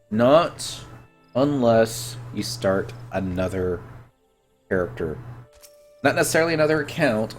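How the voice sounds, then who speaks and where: A man's voice: mid-range voice, darkish tone. A man with a head cold chatting casually and joking while he plays a game and answers viewers. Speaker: game streamer. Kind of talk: casual gameplay chat.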